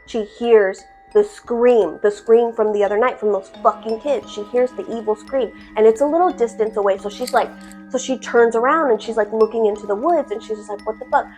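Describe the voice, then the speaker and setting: A woman's voice: fairly high pitch, fairly quick, a little mellow, soft background music. A woman telling a horror story in casual storytime style, chatty, dramatic and full of swearing.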